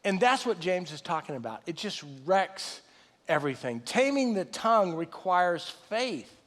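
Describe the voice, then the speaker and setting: A man in his late fifties preaching a sermon in a folksy, animated way with self-deprecating asides. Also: high voice, measured pace. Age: 50s. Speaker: pastor. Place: large church hall. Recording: live sermon with long hall reverb.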